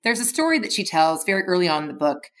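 A woman speaks in a fairly low voice, telling a workplace story in a steady, measured way. She sounds like a leadership facilitator giving a reflective podcast segment.

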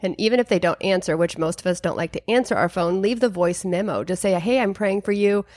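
A woman with a fairly low voice shares her thoughts sincerely on a podcast. The sound is dry and close, with no room echo. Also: fast, a little mellow. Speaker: church co-leader, guest. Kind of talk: podcast conversation.

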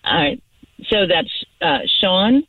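A woman's voice: medium pitch, big pitch swings, slow pace, vocal fry, recorded from a distance, background noise. A woman on the phone, chatty and giggly, taking a call she thinks is from her gym. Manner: bubbly, giggly, then apologetic. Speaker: caller on the phone. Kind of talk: phone conversation. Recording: tinny phone line.

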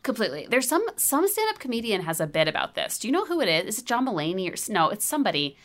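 A woman's voice: mid-range voice, very animated, quick pace, fairly bright tone. A woman co-hosting a podcast in casual chat, rambling and swearing with lots of "like" fillers. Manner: chatty, profane, lots of filler "like". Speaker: podcast co-host.

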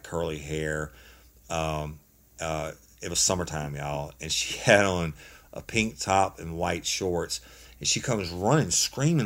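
A man, a former police officer, telling a funny story in a casual, animated way with laughs. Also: fairly low pitch.

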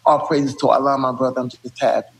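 A man doing an impression of a calm, contented older ex-boxer who talks softly and repeats himself. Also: medium pitch, fast, creaky, a little hiss or hum, natural voice. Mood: serene. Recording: roomy with long reverb.

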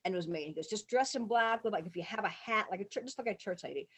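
Woman storyteller, mid-pitched, animated, swears freely, acts out shouted quotes. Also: fast, breathy edge. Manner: swears freely, laughs while telling. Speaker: guest telling stories. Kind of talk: casual storytelling.

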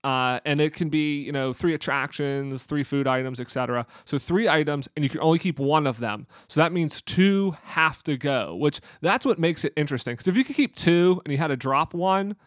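A man's voice: fairly high pitch, moderate pace, hardly any pauses, no echo, studio quality. A man co-hosting a podcast in casual chat, explaining at length with plenty of fillers and restarts. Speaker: podcast co-host.

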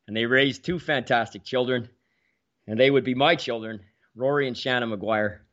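Spinning hockey tales with lively energy and lots of repeated words, this roughly sixty-year-old man hosts a casual sports talk program at a normal speed. His pitch is middling, and the audio has a slightly muffled, lo-fi quality.

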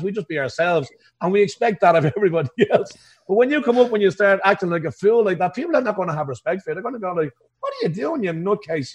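A man with an Irish accent, a pub band musician telling stories in a casual interview, laughing often. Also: sits high. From Ireland. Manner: chatty storyteller, laughs often. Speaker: house band musician, guest.

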